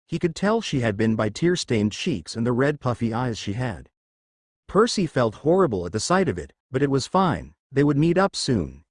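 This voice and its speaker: Man reading a story aloud, lively. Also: medium pitch, dry recording, studio quality. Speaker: fan fiction reader. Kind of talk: story narration.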